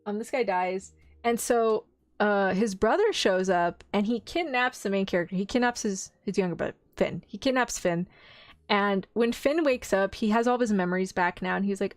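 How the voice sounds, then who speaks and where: A woman streamer in casual chat, rambling excitedly through an anime plot and acting out the characters' lines. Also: medium pitch, moderate pace, dry recording. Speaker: vtuber streamer.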